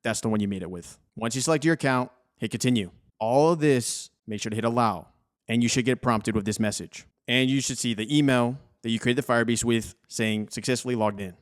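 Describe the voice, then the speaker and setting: A young adult man narrating a software tutorial over his screen, casual and encouraging. His voice sits at an ordinary middle pitch, and he keeps an easy, conversational flow as he guides viewers through each step. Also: brisk. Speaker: coding tutorial host.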